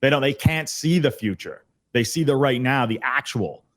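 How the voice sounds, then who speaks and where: A man's voice: mid-range voice, expressive, normal speed, fairly bright tone. A man speaking as a podcast guest on a video call, explaining energetically, often repeating words and restarting. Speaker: podcast guest, sales trainer. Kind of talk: casual conversational explanation. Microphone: computer on a video call.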